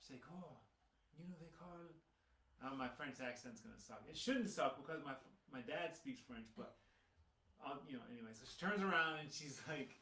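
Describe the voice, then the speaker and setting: A man jokes and tells stories as co-host of a casual live stream. His voice has a bright edge. He sits back from the mic, and the room adds a clear echo. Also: mid-range voice, animated, moderate pace, far from the mic. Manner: playful, jokey storyteller. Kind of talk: casual chat. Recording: echoey room, away from mic.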